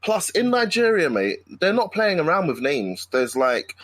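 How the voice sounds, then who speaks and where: A man's voice: fairly high pitch, normal speed, dry recording. A man co-hosting a podcast in an easygoing chat, full of slang and friendly "mate"s. His voice sounds dry and close, with no room sound around it. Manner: relaxed, slangy, says "mate" a lot. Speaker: podcast co-host. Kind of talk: casual chat.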